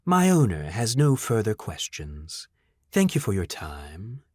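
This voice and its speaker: A calm, impeccably humanlike robot speaks slowly and with flawless courtesy, its soothing manner more ominous than comforting. The lines are read in a close, dry audiobook voice, as a male narrator puts it on. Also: lowish voice, dry recording, full character voice. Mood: eerily polite. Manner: slow, courteous, formal.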